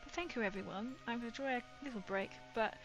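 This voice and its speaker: A woman's voice: on the high side, fast talker, fairly bright tone, soft background music. A woman, chatting casually with viewers on her livestream, rambling and laughing often. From England. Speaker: livestream host.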